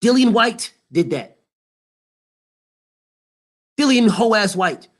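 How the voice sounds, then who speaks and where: A man with a high voice for his sex rants about boxing as a show host. He is heated and profane, and he hammers the same point again and again. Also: expressive, very slow. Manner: heated, emphatic, profane, repetitive. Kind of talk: boxing commentary rant.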